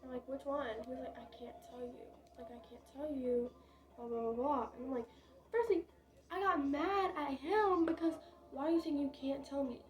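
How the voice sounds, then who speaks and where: A woman's voice: high voice, steady tone, normal speed, poor audio. A young woman vlogger telling a casual storytime, chatty and dramatic, with lots of fillers and swearing.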